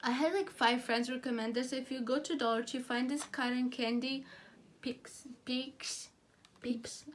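A woman chatting casually through a beauty product haul, gushing and halting, with frequent restarts. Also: sits high, steady tone, slight background noise.

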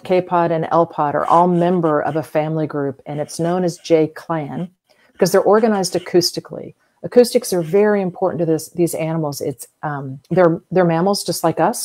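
A middle-aged woman from the American South speaks as an interview guest, explaining things in a chatty, example-filled way. Her voice sits a little low and sounds mellow and warm. She pauses often with fillers as she works through each point. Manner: chatty, explains with everyday comparisons, many fillers. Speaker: whale museum guest expert.

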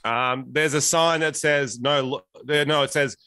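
A man's voice: mid-range voice, steady tone, unhurried, sharp tone, no echo. An Australian man chatting as a podcast guest, laughing, swearing and sounding indignant. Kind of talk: casual podcast chat.

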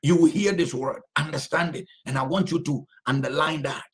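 A man's voice: a little high, normal speed. A male pastor preaching a sermon, drawing out phrases and repeating them for emphasis.

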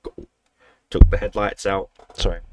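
Low-voiced man telling a profane story. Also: little pitch movement, a little slow, noisy background. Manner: profane, rambling, self-correcting. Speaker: gaming channel host. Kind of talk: casual storytelling. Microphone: desk microphone he keeps bumping.

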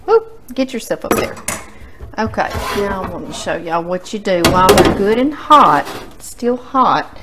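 Lady doing a cooking demo in her home kitchen, slow easy talk, middle pitch, pans clinking faintly. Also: expressive, heavy background noise. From Louisiana. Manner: chatty, folksy, addresses viewers directly. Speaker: cooking show host.

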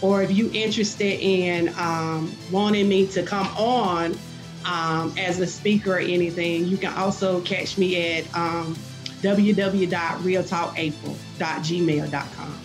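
A woman's voice: lowish voice, fairly even intonation, measured pace, over music, poor audio. A woman minister speaking as a podcast guest, fervent and emphatic, with many fillers. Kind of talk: preaching-style interview talk.

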